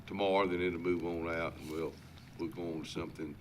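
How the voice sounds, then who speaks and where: A man's voice: low voice, fairly even intonation, a little fast, a little hiss or hum. A man with an Alabama Southern drawl hosting a morning talk show in a rambling, folksy way, with many fillers and restarts. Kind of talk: casual chat.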